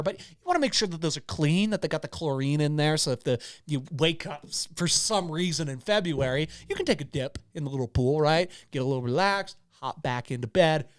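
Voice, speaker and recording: A man co-hosting a comedy podcast, telling rambling comic stories that swing between loud bursts and quiet asides. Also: on the high side, no echo, studio quality. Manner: rambling animated storytelling, swings loud and soft. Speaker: podcast co-host.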